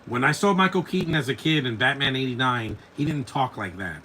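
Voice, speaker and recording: A man's voice: medium pitch, expressive, a little fast, few pauses, bright, forceful tone, a little hiss or hum. A man in his forties hosting a live movie commentary podcast, blunt and opinionated, rambling from one complaint to the next. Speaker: podcast host.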